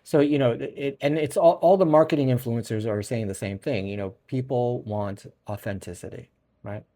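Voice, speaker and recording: A man's voice: medium pitch, moderate pace, mellow. A middle-aged man with a Brooklyn accent hosting a casual solo podcast, rambling and often restarting his sentences. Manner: rambling, self-correcting, chuckles often. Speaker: podcast host.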